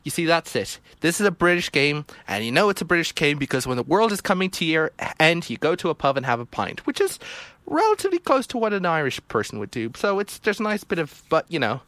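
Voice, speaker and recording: A man's voice: on the high side, very animated, quick pace, fairly bright tone, no room sound. A young man playing a text adventure, reading its prose aloud and muttering the commands he types between his own remarks. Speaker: video game player. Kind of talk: let's play commentary, reading game text aloud.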